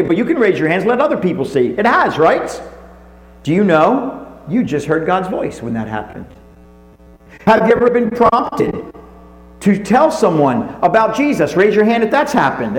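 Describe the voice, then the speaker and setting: High-voiced preacher in an echoey room. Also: male voice. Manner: preaching, calls to the congregation, slows for emphasis. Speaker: pastor. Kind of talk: sermon. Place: recorded away from the live congregation.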